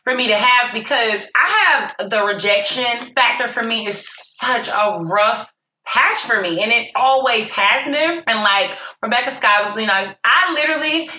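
A young woman co-hosting a podcast, chatting candidly and profanely with animated storytelling. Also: a little high, moderate pace. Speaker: podcast co-host. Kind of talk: casual chat. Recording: echoey room with faint noise.

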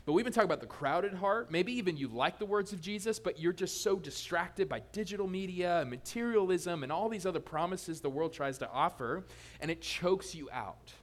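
A male pastor preaching a sermon in a lively, joking way, teasing his congregation. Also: high-pitched, fairly quick.

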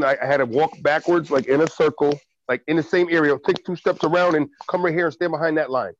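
A man co-hosting a podcast, telling an animated story in casual chat and swearing often. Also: medium pitch, brisk, few pauses, dull audio, slight background noise. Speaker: podcast co-host.

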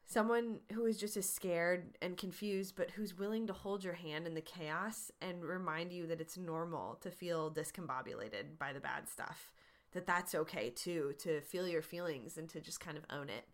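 A woman's voice: on the low side, normal speed. A woman hosting a podcast, answering listener questions in an earnest, encouraging, conversational way. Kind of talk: casual advice talk.

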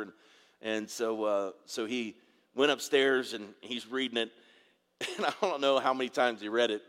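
A man's voice: medium pitch, fairly bright tone, long reverb tail. A middle-aged man preaching a sermon in a conversational way, with asides and questions to the congregation. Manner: conversational preaching with asides and audience call-outs. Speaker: pastor.

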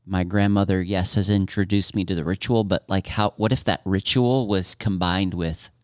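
A man talking as a podcast guest, halting, with lots of restarts and fillers. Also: low-pitched, steady tone, no echo, studio quality. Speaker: coffee company founder, podcast guest. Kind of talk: casual chat.

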